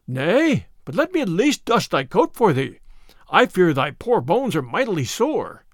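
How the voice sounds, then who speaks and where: A man's voice: sits high, very animated, measured pace, no echo, clean studio sound, heavily acted. A man voicing a sly, joking, burly male outlaw in a storybook reading, speaking in a teasing, mock-sober way.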